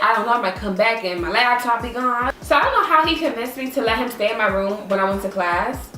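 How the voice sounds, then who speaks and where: Young woman doing a storytime, lots of cursing, acts out quotes real animated, echoey room. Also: on the high side. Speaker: vlogger. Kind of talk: casual storytime.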